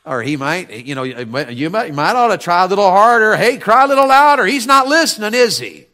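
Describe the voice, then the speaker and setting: A man's voice: medium pitch, normal speed, fairly bright tone, close to an everyday voice. A man voicing a blunt, bold male prophet who talks in a folksy, teasing way. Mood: mocking.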